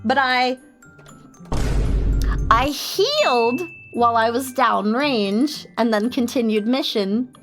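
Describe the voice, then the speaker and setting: Woman streamer, veteran, animated storyteller; high voice, relaxed pace. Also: slow pace, pauses often, over music. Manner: animated, laughing, acts out friends' voices. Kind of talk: casual storytelling on a live stream.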